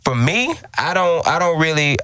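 A man's voice: on the high side, big pitch swings, moderate pace, sharp tone, smooth, dry recording, clean studio sound. A man co-hosting a podcast, talking bluntly and casually and restarting his sentences often. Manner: blunt, conversational, with frequent restarts. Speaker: podcast co-host.

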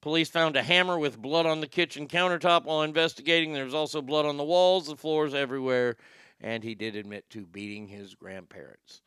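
A man's voice: fairly high pitch, a little fast, a bit bright, clean tone, no room sound, clean studio sound. A man hosting a show, telling crude news stories in a sarcastic, joking way. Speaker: host. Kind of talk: casual comedic news commentary.

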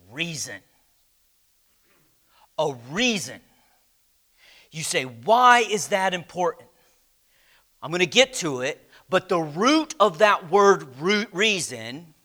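Male Bible class teacher: high, bright voice, unhurried delivery, quizzes the room. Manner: slow, emphatic, asks the class questions. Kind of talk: church Bible class lesson.

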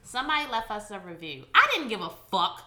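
A woman co-hosts a casual podcast, talking bluntly and cussing freely. Her voice is bright and sharp, and it swings up and down with lively energy. The room around her sounds echoey. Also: mid-range voice, fairly quick. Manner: blunt, profane ranting. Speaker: podcast co-host.

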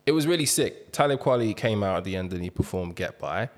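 Young male podcast host, low-pitched, casual storyteller. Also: fairly quick. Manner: animated storyteller, laughs through his own jokes. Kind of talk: casual chat.

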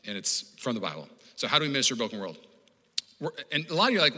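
A man preaching a sermon as pastor, animated and conversational, acting out the voices he quotes, with frequent restarts. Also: medium pitch, racing, big-room sound. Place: church auditorium.

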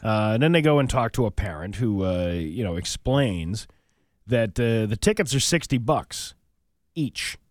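A man's voice: lowish voice, big pitch swings, measured pace, no echo, studio quality. Man co-hosting a chatty local-news show. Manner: rambling, restarts, comments on the news. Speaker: podcast co-host reading local news. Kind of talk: casual chat and news reading.

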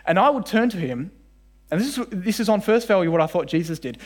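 Animated preacher man, higher voice. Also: fairly quick. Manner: animated, acts out voices in quoted dialogue. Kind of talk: sermon. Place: church service with congregation.

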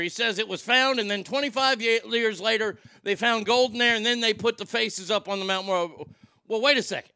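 A man with a high, brisk voice hosts a radio show, ranting angrily, swearing, and shouting in outbursts because he feels sick after staying up all night. It's an angry talk radio rant captured on a broadcast board mic in a dry recording.

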